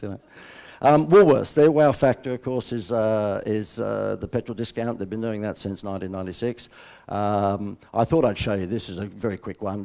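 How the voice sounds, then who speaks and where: A middle-aged Australian business coach with a warm, lowish voice gives a live seminar talk in a seminar room, blunt and joking as he tells stories.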